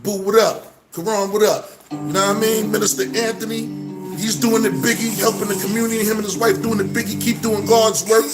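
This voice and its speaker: High-voiced Brooklyn man giving shout-outs. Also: brisk, music in the background. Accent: New York, Brooklyn. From Brooklyn, New York. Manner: animated, repetitive shout-outs and street slang. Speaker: vlogger. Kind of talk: casual direct-to-camera monologue.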